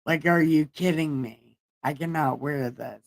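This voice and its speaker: Woman doing a brash slangy shepherd boy, slow swagger. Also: sits low, vocal fry, voice pushed down. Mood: cocky. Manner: brash, slangy, profane bravado. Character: cocky young male shepherd hero.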